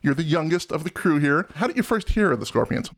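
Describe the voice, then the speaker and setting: A man's voice: fairly high pitch, big pitch swings, fast talker. A middle-aged man hosting a casual podcast chat, joking around and laughing easily. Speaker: podcast host.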